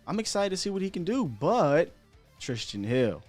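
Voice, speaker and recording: A man hosting a casual sports show, chatty and animated, often asking rhetorical questions and laughing at himself. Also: a little high, normal speed, soft background music. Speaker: sports podcast host.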